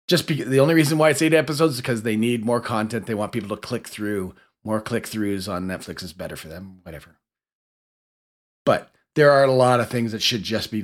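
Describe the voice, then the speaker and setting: A man co-hosting a podcast in casual chat, wry and easily exasperated. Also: lowish voice. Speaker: podcast co-host.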